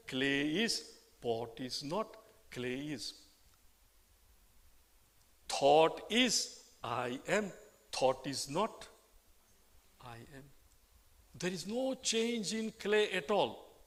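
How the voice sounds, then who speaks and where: A man's voice: a little high, fairly bright tone. An older man giving a spiritual discourse, asking rhetorical questions and acting out little dialogues. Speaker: spiritual teacher. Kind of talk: Vedanta scripture discourse.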